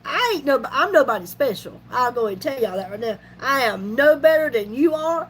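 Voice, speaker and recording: A woman's voice: on the high side, a little fast, hardly any pauses, slight background noise, poor audio. A woman, telling a folksy story to her vlog viewers. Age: 50s. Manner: chatty, folksy, animated retelling with laughs. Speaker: YouTube vlogger.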